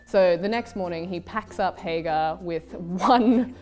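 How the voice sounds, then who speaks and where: A woman hosting a podcast, retelling old stories in an irreverent, profane, animated way. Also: lowish voice, takes it slowly, faint music behind. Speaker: podcast host.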